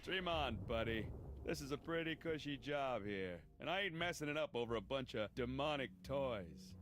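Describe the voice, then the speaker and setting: A man's voice: medium pitch, expressive, normal speed, fairly bright tone, slight background noise, lightly acted. An actor voicing a blunt, streetwise male museum guard in a game. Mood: gruff.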